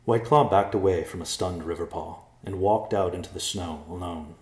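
A man narrating a storybook in a measured, dramatic way. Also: low voice, roomy sound.

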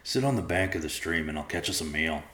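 Male reader doing a young bear cub, cheeky, teasing, deep voice. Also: animated, fast, bright, forceful tone, echoey room, full character voice. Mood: playful.

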